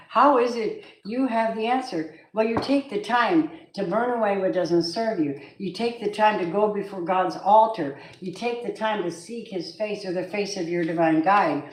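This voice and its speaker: Low-voiced woman giving a tarot reading. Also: echoey room, rough recording. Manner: repetitive, emphatic, prayerful. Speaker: tarot card reader.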